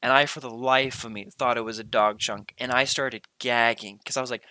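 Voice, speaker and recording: A man's voice: mid-range voice, animated, quick pace, few pauses, pushed and bright, low-quality recording. A young man hosting a podcast, telling a long story in a casual, rambling way, full of fillers and slang. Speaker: podcast host.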